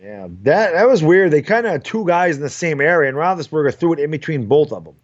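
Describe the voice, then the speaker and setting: A man co-hosting a live football stream, giving relaxed color commentary and thanking viewers in chat. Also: on the high side, quick pace, no room sound, dull audio. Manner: laid-back banter with chat. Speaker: co-host streamer.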